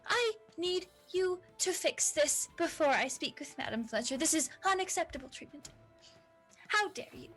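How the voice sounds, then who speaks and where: Woman puts on a high-pitched, prissy elven noblewoman; indignant, scolding. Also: lively intonation, moderate pace, fairly bright tone, soft background music. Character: haughty snobbish elven noblewoman.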